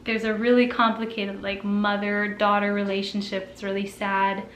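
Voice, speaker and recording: A woman's voice: medium pitch, monotone, moderate pace, fairly bright tone, a little hiss or hum. A young woman talking casually about books, chatty, often trailing off and restarting her sentences. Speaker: book vlogger. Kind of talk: casual chat. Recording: echoey room with faint ambience.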